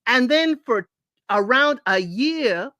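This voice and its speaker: A woman's voice: fairly high pitch, slow, no room sound. Exasperated woman host reading online posts. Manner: animated, exasperated, talks straight to listeners. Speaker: advice show host.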